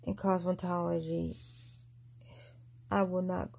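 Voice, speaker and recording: A woman's voice: lowish voice, little pitch movement, takes it slowly, vocal fry, a little mellow, slightly rough. A young woman telling a long personal story in a casual vlog, mumbling and restarting often. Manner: rambling, mumbled delivery with frequent restarts.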